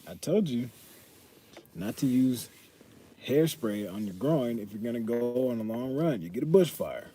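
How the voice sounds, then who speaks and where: A man's voice: mid-range voice, expressive, normal speed, dark tone, slight background noise. A young man, chatting casually on his fitness live stream, loose and joking and swearing freely as he reads chat aloud.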